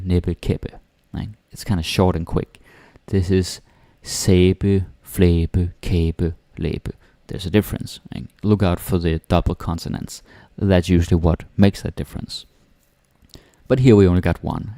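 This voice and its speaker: A man with a Danish accent teaching pronunciation, speaking slowly and repeating each word for the learner. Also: deep voice, fairly even intonation, warm tone, no echo. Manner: slow, repeating words for the learner. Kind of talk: pronunciation lesson.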